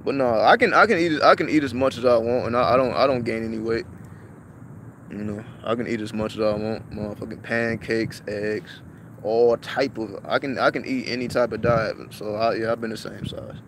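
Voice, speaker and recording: A little hiss or hum sits under this vlog, where a man speaks at normal speed in a mid-range, slightly bright voice. Casual and profane, he repeats himself and restarts frequently.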